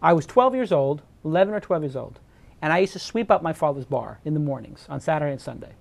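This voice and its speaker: A New York talk show host tells a personal story in casual chat, earnest and emotional, often restarting his sentences. His fairly high voice is expressive and creaky, and he talks fast.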